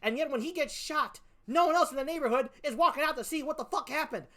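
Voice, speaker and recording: A woman's voice: sits high, fast, fairly bright tone. A woman comedian doing a stand-up routine, profane, exasperated and mocking as she picks apart a film.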